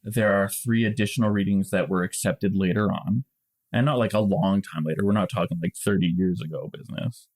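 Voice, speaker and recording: A man's voice: low-pitched, brisk, a little mellow. A man co-hosting a podcast, explaining things at length in casual chat with small restarts. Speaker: podcast co-host.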